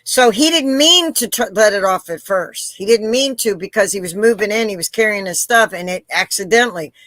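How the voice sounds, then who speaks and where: A woman hosting a live interview, telling stories in an animated way and acting out the voices of the people in them. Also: medium pitch, fairly quick, no room sound. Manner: animated storyteller, acts out quoted voices. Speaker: interview host. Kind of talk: casual live interview chat.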